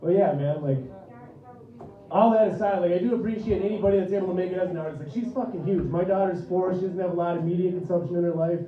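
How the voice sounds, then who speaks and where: A man's voice: high voice, fast. A man in his thirties doing a loose, profane stand-up comedy set on a club stage, often laughing at his own jokes. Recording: roomy, distant, dull club recording.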